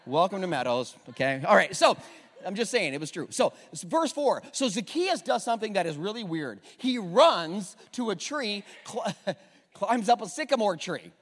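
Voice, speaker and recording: A man's voice: high-pitched, normal speed. A man preaching a humorous sermon as pastor, joking and getting the congregation to repeat lines back. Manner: animated, jokey, asks the congregation to repeat lines. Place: church sanctuary. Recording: long hall reverb.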